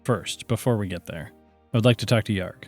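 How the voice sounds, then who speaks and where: A man's voice: fairly low pitch, fairly quick, faint music behind. A man taking part as a player in a tabletop game, describing his actions playfully. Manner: playful, animated.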